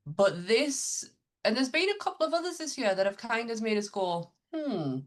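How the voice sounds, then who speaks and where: A woman's voice: on the high side, sing-song, normal speed. A woman talks casually as a podcast co-host. She is chatty and self-deprecating, speaking in a loose, conversational way. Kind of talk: casual chat.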